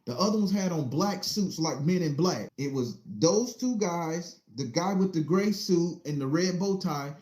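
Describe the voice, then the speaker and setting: A man's voice: fairly high pitch, expressive, measured pace, few pauses, a little mellow, reverberant. A man casually telling a childhood story in a rambling, profane, vivid way.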